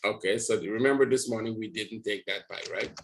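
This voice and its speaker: A man with a somewhat low voice leads a live trading session, talking viewers through his charts. He rambles a little as he thinks aloud. He keeps checking in with his audience as he goes. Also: a little fast, poor audio. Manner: rambling, talks to viewers with frequent "right?". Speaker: trading educator.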